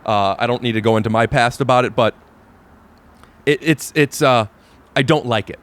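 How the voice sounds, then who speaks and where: A male podcast host talking in halting, earnest bursts on an outdoor balcony. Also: medium pitch, a bit bright. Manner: halting, self-interrupting, earnest. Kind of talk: casual chat.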